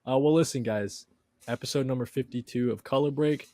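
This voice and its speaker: A man's voice: mid-range voice, fairly quick, mellow, no room sound. Upbeat man hosting a podcast, dry sound. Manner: upbeat, laid-back, says "dude" a lot. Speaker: podcast host. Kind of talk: casual podcast chat.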